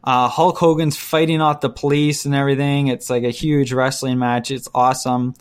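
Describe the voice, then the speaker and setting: A man co-hosting a casual chat about movies, ranting bluntly and breaking into quick mimicked voices. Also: medium pitch, level tone, smooth.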